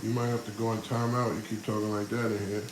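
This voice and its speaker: A man hosting a casual livestream, reading out comments and telling a story in animated, slangy talk with laughs. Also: fairly low pitch, normal speed, echoey room, very noisy. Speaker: livestream host. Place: home room.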